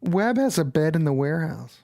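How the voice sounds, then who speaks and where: A man hosting a casual livestream chat over a video call, excitable and teasing, swearing freely as he jokes with his guests. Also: on the high side, brisk, creaky. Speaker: show host.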